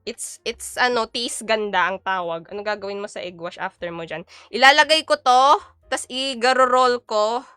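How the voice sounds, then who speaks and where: A chatty young Filipino woman hosts a cooking stream, answering viewers' comments as she goes. Her voice sits a little high and rings bright, with a Filipino accent. The sound is close and dry, with soft music playing underneath. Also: moderate pace, smooth, no room sound. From Philippines. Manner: chatty, reads chat aloud and answers viewers; mixes Tagalog and English. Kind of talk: casual live-stream chat while cooking.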